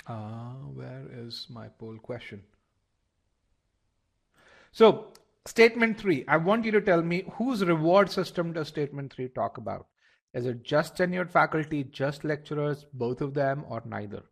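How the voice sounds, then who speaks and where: A man's voice: on the high side, moderate pace, creaky. A man teaching a live online test-prep lesson, explaining step by step, often repeating words and asking the class to check they follow.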